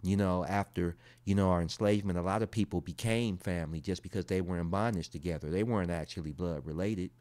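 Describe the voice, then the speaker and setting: Low-voiced man in a laid-back reaction video. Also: fast, few pauses, a little mellow, no room sound. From United States. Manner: laid-back, conversational, slangy asides. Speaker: vlogger. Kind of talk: casual reaction commentary.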